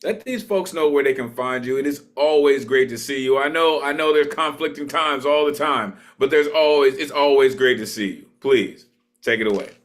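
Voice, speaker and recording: A man's voice: mid-range voice, fairly even intonation, moderate pace. Hype-voiced man hosting an open mic. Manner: hype-style, repetitive emphatic praise. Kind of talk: warm hosting and introductions. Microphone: video call.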